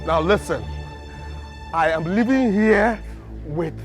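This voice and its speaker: An indignant, sarcastic young fiancé. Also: male voice, high voice, music in the background. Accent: Nigerian. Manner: repetitive, sarcastic, fast.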